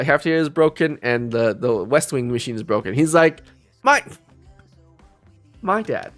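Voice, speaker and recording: Lively rambling young man telling a story. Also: a little high. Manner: rambling, self-interrupting, laughs often. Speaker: live streamer. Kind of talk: casual storytelling.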